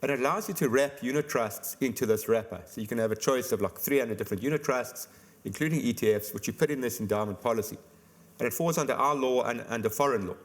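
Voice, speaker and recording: Man, insurance expert guest on a conference panel; rapid, chatty explainer. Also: mid-range voice. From South Africa. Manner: fast, explanatory, chatty with "you know" fillers.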